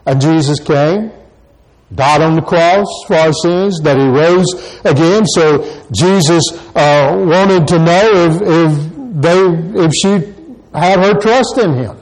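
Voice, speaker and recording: List: man, pastor, sermon, slow measured delivery, slightly high voice, repeated rhetorical questions. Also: darkish tone, rough recording.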